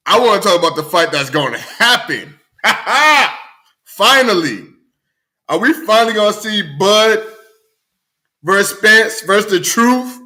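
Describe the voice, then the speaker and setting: A man's voice: on the high side, sharp tone. A man hosting his own show, chatting casually and rambling, often repeating himself. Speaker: host. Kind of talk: casual solo show chat.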